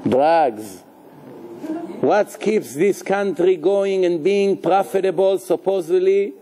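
A man, a rabbi, giving a live Torah lecture in a lively, joking way, questioning his listeners and sprinkling in Hebrew terms. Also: high voice, slow pace.

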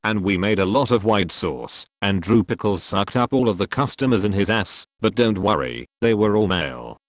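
Man with a low voice for a gleeful, giggling comic monologue; dry sound. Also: expressive, normal speed, no room sound. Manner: gleeful, giggling, sing-song chants. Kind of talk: crude comic monologue in character.

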